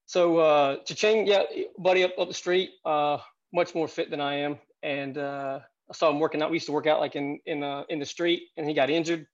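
A man's voice: a little high, fairly even intonation, fairly quick, muffled recording. A man in his thirties telling stories as a podcast guest, chatty and rambling with lots of fillers. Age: 30s. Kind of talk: casual podcast storytelling.

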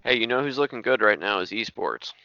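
A man's voice: lowish voice, lively intonation, fairly quick, vocal fry, bright, forceful tone, no echo. A man in his thirties hosting a casual chat, jokey and self-deprecating, laughing often. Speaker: podcast host. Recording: dry, slightly dull lo-fi sound.

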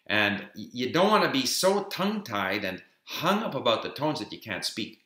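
A man's voice: mid-range voice, big pitch swings, normal speed, sharp tone. A man giving an informal explanatory talk on learning a language, emphatic and dotted with fillers, sharing his own learning tips. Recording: roomy echo.

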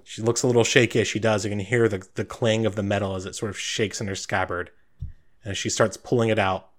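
A man's voice: fairly low pitch, level tone, fairly quick. A man narrating scenes in an easygoing way as game master of a tabletop game.

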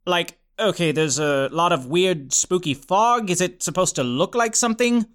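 A man's voice: high-pitched, moderate pace, a bit bright, smooth. A man voicing a clueless, easygoing would-be professor who talks in an offhand, rambling way. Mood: puzzled. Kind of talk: audiobook character voice.

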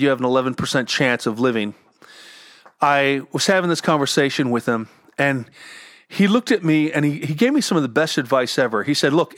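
At home with his dogs, a middle-aged man who survived cancer and runs his own business shares advice in a candid personal talk. Earnest and prone to repeating words, he has a mid-range, fairly bright voice, recorded clean as a studio with no echo.

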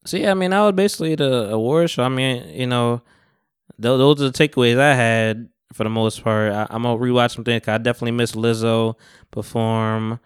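A man's voice: mid-range voice, brisk, clear, resonant tone, no echo, clean studio sound. A young man hosting a podcast, talking in a loose, rambling way with plenty of slang and cursing. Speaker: podcast host. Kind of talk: casual chat.

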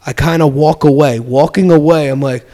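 A middle-aged man with a slightly raised voice tells a story in casual chat. He is animated, laughs often and acts out the people he quotes. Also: on the high side, moderate pace.

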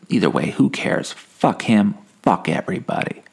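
A man with a low, gravelly voice delivers an absurdist comic monologue in a deadpan way. His pitch swings widely as he wanders and corrects himself. He steers everyday stories toward dark punchlines. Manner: deadpan, rambling with self-corrections. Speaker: comedy podcast host.

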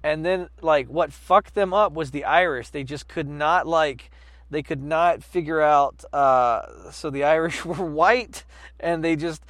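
Podcast co-host, male, from the US; rambling, filler-heavy delivery with sudden shouted impressions and a bright, forward voice. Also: on the high side, a little slow, no echo. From United States. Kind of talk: casual chat.

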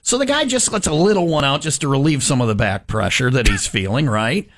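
Animated man telling a joke. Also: medium pitch, fairly quick. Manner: animated storyteller, shifts voice for characters. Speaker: radio show co-host. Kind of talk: casual banter, joke telling.

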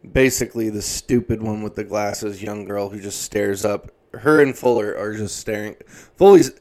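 A man's voice: fairly low pitch, darkish tone. Profane exasperated man ranting. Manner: profane, exasperated, heavy swearing. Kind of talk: comedic rant.

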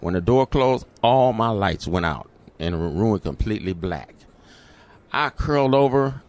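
Middle-aged man, interview guest, animated storyteller, lowish voice. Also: normal speed.

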